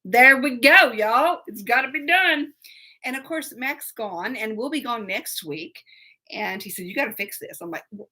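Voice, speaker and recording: Bright, lively woman chatting live. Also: on the high side, moderate pace. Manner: rambling and chatty, laughs often, greets viewers by name. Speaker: live show host. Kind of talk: casual live-stream chat.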